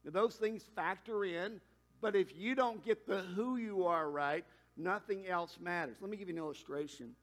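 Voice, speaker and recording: High-voiced man preaching a sermon. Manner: conversational preaching, quick asides and emphatic climbs. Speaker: pastor.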